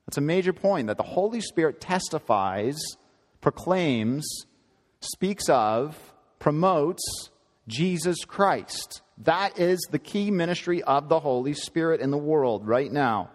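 A man's voice: fairly high pitch, expressive, takes it slowly, big-room sound. A man preaching a sermon in an earnest, emphatic teaching manner, often repeating and correcting himself.

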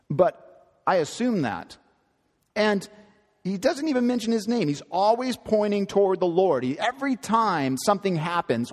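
A man's voice: sits high, long reverb tail. A man preaching a sermon in an earnest, emphatic teaching manner, often repeating and correcting himself.

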